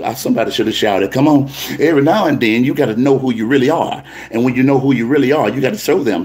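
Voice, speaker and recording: Male pastor, lively call-and-response preaching, mid pitch. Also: quick pace. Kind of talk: preaching to a congregation.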